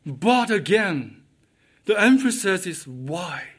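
High-voiced, slow-preaching man. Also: sing-song. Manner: emphatic, repeats key questions. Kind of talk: sermon.

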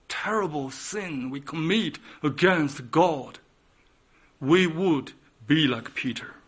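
A man preaching a sermon with passion, swinging from loud emphatic peaks to hushed, quiet lines. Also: a little high, breathy edge.

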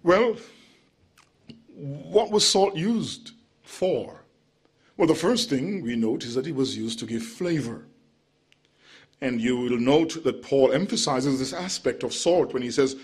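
A man preaching an expository sermon, measured and emphatic, slowing on key words and dropping into relaxed asides. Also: medium pitch, slightly rough.

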